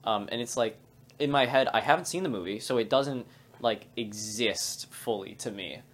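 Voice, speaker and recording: A man's voice: medium pitch, moderate pace. A young man co-hosting a podcast, talking casually in a rambling way with many restarts. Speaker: podcast co-host. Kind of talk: casual chat.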